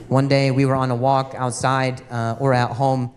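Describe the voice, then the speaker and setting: A man in his thirties doing a stand-up comedy set, telling a story with lively stutters and acting out the people in it. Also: mid-range voice, moderate pace, few pauses, big-room sound. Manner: animated storytelling with stutters and acted-out quotes. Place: comedy club stage with a laughing audience. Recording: live club audio with audience noise.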